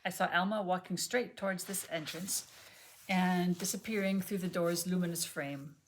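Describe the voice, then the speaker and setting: A woman reads an audiobook chapter from her sofa at home. Her voice sits low and her delivery is gentle and measured, slipping at times into a near whisper. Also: steady tone, a little hiss or hum. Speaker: audiobook reader. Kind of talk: audiobook reading.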